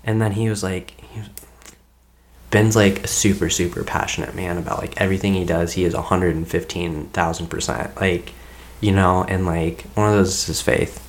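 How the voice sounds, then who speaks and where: A man's voice: deep voice, fairly even intonation, normal speed. A young man, a podcast guest, telling a personal story in a rambling, casual way, filling his speech with "like.". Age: young adult. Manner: rambling, heavy use of "like" as filler.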